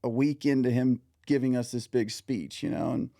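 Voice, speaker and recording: Male podcast host, mellow dark tone, dry close sound, chatty storyteller. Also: mid-range voice, animated, moderate pace, vocal fry, no echo. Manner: chatty, swearing anecdotes. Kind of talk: casual interview chat.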